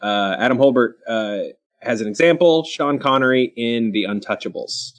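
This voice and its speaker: Chatty guy hosting a panel show, mid pitch, lots of ums and restarts. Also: animated. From Kentucky. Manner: chatty, quick asides, frequent ums and restarts. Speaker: show host. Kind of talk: casual panel chat.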